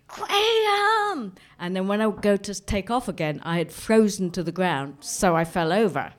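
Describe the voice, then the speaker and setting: A woman telling a personal anecdote in a vivid, dramatic way, often repeating herself. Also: lowish voice. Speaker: storyteller.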